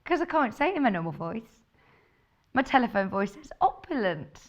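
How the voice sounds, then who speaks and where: A woman with a low, husky voice, chatting in a bubbly way as she presents a live TV shopping show. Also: very animated, normal speed, muffled recording. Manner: bubbly, chatty, laughs often. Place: TV studio.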